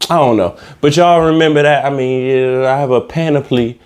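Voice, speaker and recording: A man's voice: medium pitch, fairly even intonation, normal speed, darkish tone, clear, resonant tone. A man hosting a comedy podcast, talking in a loose, slangy, repetitive casual monologue. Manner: loose, slangy, repeats himself for laughs. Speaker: podcast host.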